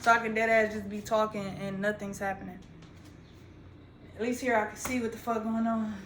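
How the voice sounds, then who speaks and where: A woman's voice: mid-range voice, flat delivery, a little fast, a bit bright, slight background noise. A young adult woman, a content creator, talking straight to her phone in a rambling, profane, slang-heavy vlog monologue. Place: indoors, standing while talking. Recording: echoey room.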